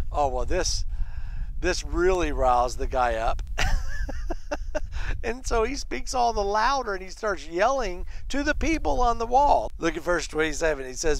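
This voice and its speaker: A man leading a casual Bible study, retelling scripture in an animated, conversational way. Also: high voice, measured pace, creaky, low-quality recording.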